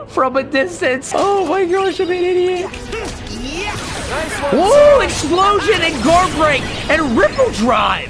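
A high-voiced woman gushes through her game stream, her pitch leaping all over as she laughs and exclaims. She draws out her words, and game music plays clearly behind her. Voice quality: high, lively voice that jumps into shouts and laughs. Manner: gushing and giddy, laughing at herself. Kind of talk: excited gameplay commentary.

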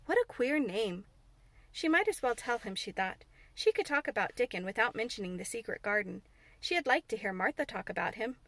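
A woman reading a classic children's novel aloud in steady, clear narration. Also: a little high, a little fast, dry recording. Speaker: audiobook reader. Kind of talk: scripted narration.

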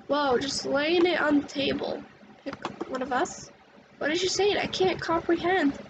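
A young woman reading several roles in an amateur fan dub, with quick reactive lines and frequent swearing. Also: sits high, noisy background.

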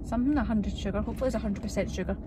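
A young Scottish woman vlogs casually to the camera, joking to herself as she drives around and shows off her home. Her medium-pitched voice comes rapid-fire over a very noisy recording.

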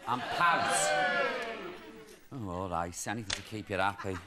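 A man's voice: fairly low pitch, lively intonation, a loud crowd. Camp man with a Liverpool accent. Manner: camp, quick asides, laughing at himself. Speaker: chat show host. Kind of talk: camp comic chat to a studio audience. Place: TV studio with live audience. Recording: studio noise with a loud audience.

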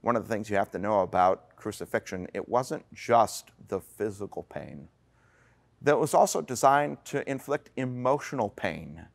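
A man's voice: lowish voice, lively intonation, vocal fry. Earnest man preaching a sermon. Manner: earnest preaching with dramatic slow pauses and fillers. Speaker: pastor.

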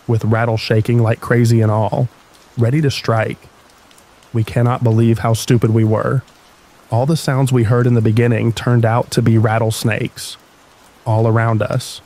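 A man narrating scary stories in an even, slow, soothing bedtime reading style. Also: mid-range voice, poor audio. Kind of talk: calm scripted storytelling narration.

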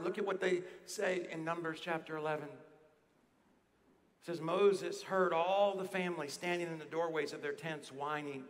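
A man preaching a sermon as pastor, swinging between emphatic near-shouts and hushed, low-spoken passages, repeating key phrases for effect. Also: normal speed. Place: church auditorium. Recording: long reverb of a large hall.

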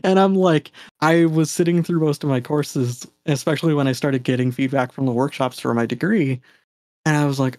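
A man's voice: fairly high pitch, moderate pace, darkish tone, no echo. A man with a Canadian accent, a game designer chatting as a guest, easygoing and full of fillers and little laughs. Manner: chatty, laughs often, many fillers and restarts. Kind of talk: casual fireside chat.

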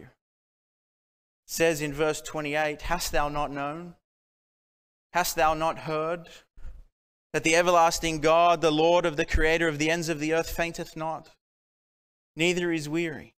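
A man from Australia delivers a sermon in a bright, high voice with a smooth, resonant tone. He preaches earnestly, pressing his point with rhetorical questions. Long reverb from the church hall trails each phrase. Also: little pitch movement, unhurried, long pauses.

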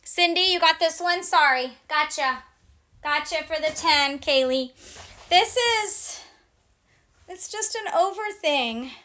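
A woman with a very high, bright voice runs a casual live clothing sale. She talks unhurriedly, chatting to her viewers as she reads out sizes and prices one by one. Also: slow pace. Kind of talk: casual live-stream selling chat.

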